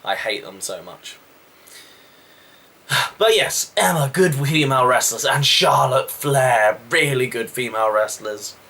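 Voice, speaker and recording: A man recapping a wrestling show in a casual, rambling review with quick asides. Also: mid-range voice, lively intonation, gravelly, pushed and bright.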